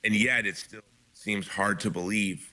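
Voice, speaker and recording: A man's voice: lowish voice, steady tone, unhurried, bright, forceful tone. A man being interviewed as a guest author, speaking with urgent emphasis and frequent restarts. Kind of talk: impassioned interview talk.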